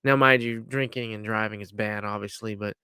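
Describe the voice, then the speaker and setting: A man's voice: lowish voice, fairly even intonation, a little fast, pushed and bright, clear, resonant tone, no echo, clean studio sound. A man co-hosting a podcast, explaining things in a laid-back, matter-of-fact way with casual swearing. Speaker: podcast co-host. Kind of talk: casual chat.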